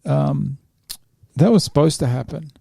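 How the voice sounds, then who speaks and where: A man's voice: on the high side, expressive, measured pace, gravelly, warm tone, slightly rough, dry recording, studio quality. A man hosting a casual podcast, rambling and thinking aloud as he goes through his notes. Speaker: podcast host. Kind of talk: casual sports chat.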